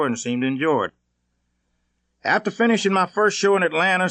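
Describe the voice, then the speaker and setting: A man from Mississippi, reading his own memoir in a plainspoken, measured, conversational way. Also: fairly high pitch, fairly bright tone, no echo. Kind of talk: audiobook narration.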